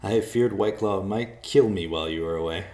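In a storybook reading, a man voices a nervous adult man, an apologetic schemer who pleads earnestly and stumbles over his words. He pitches the character above his own deep voice, fairly quick and a little mellow, with a roomy echo.

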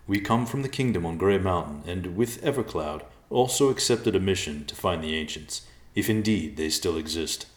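White Claw, a man voicing a grave deep fatherly bear. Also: lively intonation, moderate pace, hardly any pauses. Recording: roomy echo.

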